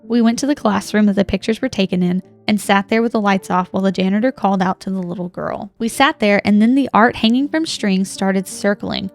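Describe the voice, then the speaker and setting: A young woman co-hosting a podcast reads a listener's ghost story aloud with dramatic flair, reacting with gasps and laughs. Her voice is medium-pitched and brisk, with few pauses, over soft background music.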